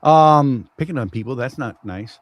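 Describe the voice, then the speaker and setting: A man's voice: mid-range voice, moderate pace, rough recording. Joking Southern man hosting a live chat. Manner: joking, rambling, teasing. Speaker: show host. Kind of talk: casual live-stream chat.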